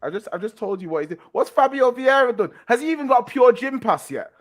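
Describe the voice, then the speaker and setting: Man, high-pitched, football podcast panelist, teasing and combative, quick comebacks, casual banter. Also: lively intonation. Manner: teasing, quick comebacks, reads chat comments aloud.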